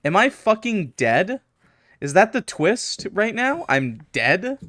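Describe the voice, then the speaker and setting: A man streaming a horror visual novel, reading it aloud dramatically and cracking loud, jokey reactions. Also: sits high, sing-song, slow, no room sound, clean studio sound. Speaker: gaming streamer. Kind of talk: playthrough commentary.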